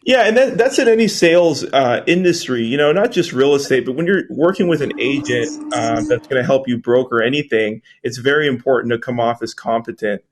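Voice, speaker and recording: Man explaining steadily at mid pitch. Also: a little fast, hardly any pauses, slight background noise. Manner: steady, explanatory sales talk. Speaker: apartment locator. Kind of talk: casual group audio chat.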